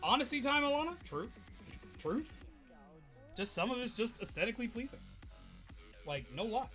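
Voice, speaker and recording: A man with a Southern US accent tells a story on a stream in a very lively voice that rises and falls a lot. His tone is bright and a little sharp, and faint music plays behind him. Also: extremely high pitch, normal speed. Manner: animated, with laughs and swearing. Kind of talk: casual storytelling chat. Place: home streaming setup.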